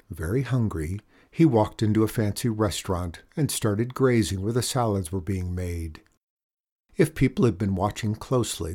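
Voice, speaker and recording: A man reading a children's story aloud in a calm, gentle, expressive way. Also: on the low side. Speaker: narrator.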